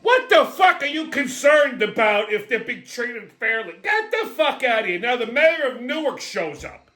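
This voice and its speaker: A man's voice: very high voice, big pitch swings, moderate pace, bright, forceful tone. A man hosting a comedic rant, profane, brash and sarcastic. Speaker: host.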